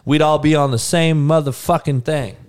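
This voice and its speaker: A man's voice: a little high, fairly even intonation, normal speed, slight background noise. A man hosting a podcast, ranting casually and profanely to his audience with frequent laughing asides. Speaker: podcast host.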